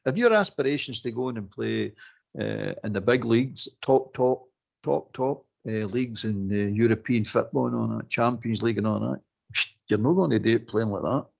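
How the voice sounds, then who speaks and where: A Scottish man co-hosting a fan phone-in, talking in casual, exasperated, animated bursts. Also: mid-range voice, moderate pace, gravelly, dull audio. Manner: animated, exasperated ranting with laughs. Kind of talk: casual football chat.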